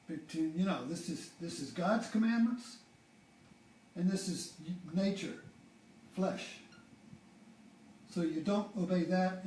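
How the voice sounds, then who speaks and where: A man's voice: high-pitched, mellow, far from the mic, slight background noise. An older man giving an informal spiritual talk, rambling and restarting his sentences often. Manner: rambling, with many restarts and fillers. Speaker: spiritual teacher. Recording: roomy, from off-mic.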